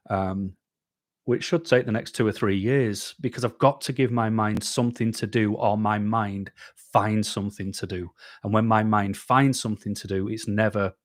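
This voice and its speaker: A man's voice: fairly low pitch, no echo, studio quality. A man hosting a live stream, chatting casually with viewers in a rambling, self-deprecating way, full of ums and restarts.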